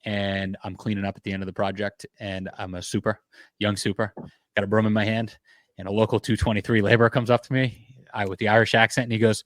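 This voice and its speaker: Low-voiced man hosting a podcast, dry close mic. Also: fast, no room sound. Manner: animated storyteller, swears casually, laughs at own stories. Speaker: podcast host, general contractor. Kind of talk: casual interview chat, storytelling.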